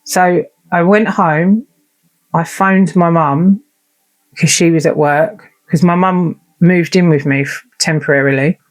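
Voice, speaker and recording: A woman's voice: on the low side, steady tone, slow. Candid woman telling her story. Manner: candid and unfiltered, swears, acts out remembered conversations. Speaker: vlogger. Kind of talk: personal storytelling monologue.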